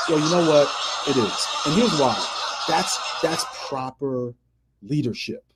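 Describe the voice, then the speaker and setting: A man's voice: on the high side, animated, a little slow, background noise. A man hosting a motivational radio show, talking emphatically, repeating key phrases and acting out the people he quotes. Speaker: podcast host.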